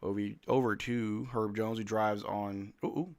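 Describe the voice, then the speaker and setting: A man hosting a live game watch-along, calling the plays in casual slang and shouting at the players. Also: lowish voice, a little slow. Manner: animated, slangy, yells at players. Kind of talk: excited play-by-play fan commentary.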